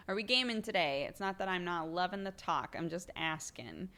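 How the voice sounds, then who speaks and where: A woman's voice: fairly low pitch, expressive, normal speed, fairly bright tone. Chatty, giggly woman streamer. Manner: chatty, laughs often, heavy use of "like". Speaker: livestream host. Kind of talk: casual chat.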